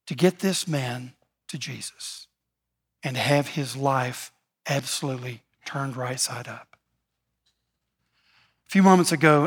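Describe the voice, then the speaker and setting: A man preaching a sermon as pastor, building emphasis and slowing to stress key words. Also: a little high. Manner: preaching with rising emphasis, slow deliberate stresses.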